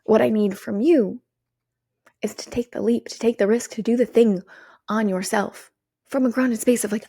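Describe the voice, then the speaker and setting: A woman hosting her own podcast, giving an energetic, swearing pep talk to her listeners. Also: fairly high pitch, moderate pace, vocal fry, breathy edge, no room sound, clean studio sound. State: out of breath. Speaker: podcast host and business coach. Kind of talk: solo podcast monologue.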